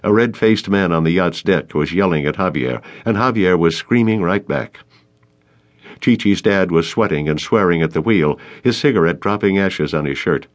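A man narrating a teen audiobook in an expressive storytelling manner. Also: sits low, normal speed. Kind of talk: scripted narration.

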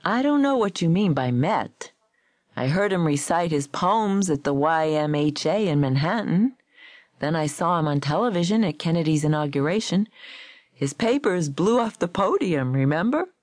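Brash male New York poet, sarcastic and defensive, pitched up when provoked, as read by a woman narrator. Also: expressive, darkish tone, no echo, studio quality. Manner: sarcastic, quick retorts.

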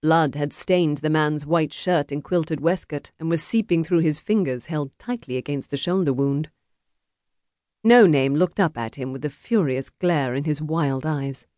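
A woman narrating an unabridged historical romance audiobook in a measured storytelling manner. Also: low-pitched, mellow, no room sound. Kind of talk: scripted narration. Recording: dry, close studio audiobook.

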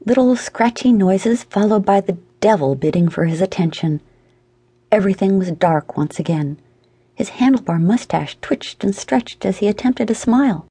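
Mellow, husky woman narrating a storybook. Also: medium pitch, expressive, normal speed, dry recording. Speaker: audiobook narrator. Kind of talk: scripted narration.

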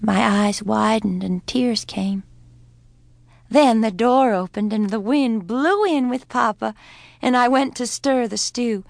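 A woman narrates a children's audiobook in an unhurried, tender way. Her voice has a gravelly texture and moves at a very slow pace. It is a dry studio recording with no room sound. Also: a little high, no echo.

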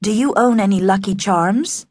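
A woman voicing a glamorous reporter who speaks in a soft, confidential tone. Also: mid-range voice, normal speed, no echo, studio quality, close to an everyday voice. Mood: smooth.

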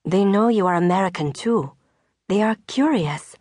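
A woman's voice: medium pitch, expressive, normal speed, darkish tone, no echo, studio quality, natural voice. A woman voicing a direct, earnest French farm widow under forty in an audiobook.

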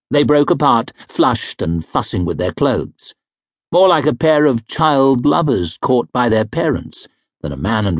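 A man narrating a fantasy novel in a measured, wry storytelling manner, close to a studio mic. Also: on the low side, no echo. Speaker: audiobook narrator.

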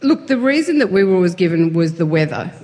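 A woman's voice: on the low side, very animated, quick pace, mellow. A woman guest in a casual interview, chatty and self-deprecating, laughing often as she talks.

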